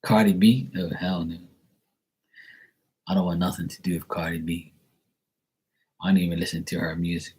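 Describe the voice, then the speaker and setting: A Bermudian man talks casually to his viewers in a loose, wandering monologue. His voice sits on the low side and has a husky edge. He drifts from story to story, often slipping into the voices of people he quotes. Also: flat delivery, normal speed, long pauses, darkish tone. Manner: chatty, digressive, mimics other people's voices in quotes. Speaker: vlogger answering viewer questions.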